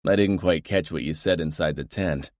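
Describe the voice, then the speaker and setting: Man voicing a menacing mafia consigliere, deep, dry, gleeful, audiobook. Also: normal speed, a little mellow, no room sound. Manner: dry, menacing, mock-regretful.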